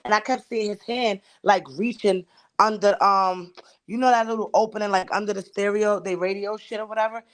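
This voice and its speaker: A woman's voice: medium pitch, fairly even intonation, fairly quick. A woman with a mid-range voice tells a long story on a casual chat show. She swears constantly and talks with emphasis, acting out both sides of the dialogue. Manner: profane and emphatic, acts out quoted dialogue. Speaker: podcast co-host.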